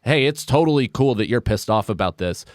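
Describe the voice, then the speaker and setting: A man's voice: medium pitch, lively intonation, a little fast, dry recording, clean studio sound. A man, a comedian, talking candidly and with plenty of swearing in a casual podcast chat. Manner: candid, profane, self-deprecating. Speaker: comedian guest.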